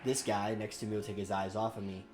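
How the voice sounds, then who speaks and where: A man playing in an online tabletop game who jokes, sounds unsure and thinks out loud. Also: on the low side, level tone, fast. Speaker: player. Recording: clear music underneath.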